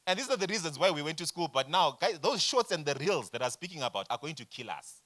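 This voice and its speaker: A man in his forties leading a business workshop, lecturing in an animated way and asking the room rhetorical questions. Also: on the high side, quick pace. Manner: animated, addresses audience directly with rhetorical questions. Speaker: workshop facilitator.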